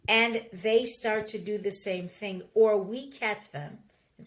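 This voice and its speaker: Slow and mid-range in voice, a middle-aged woman hosts a podcast full of casual advice. She speaks animatedly and acts out the voices of people she's quoting.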